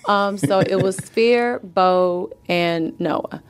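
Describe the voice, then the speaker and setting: Laughing, storytelling woman, slightly low voice. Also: drawn-out words, smooth. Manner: laughs often, tells stories with quoted voices. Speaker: guest. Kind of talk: casual interview chat.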